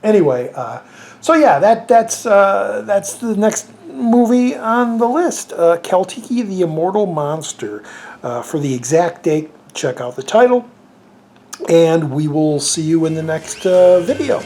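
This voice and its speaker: A man's voice: high voice, lively intonation, a little slow, a little mellow. A man reviewing a film in a casual way, rambling with many fillers and restarts and chuckling now and then. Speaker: movie reviewer.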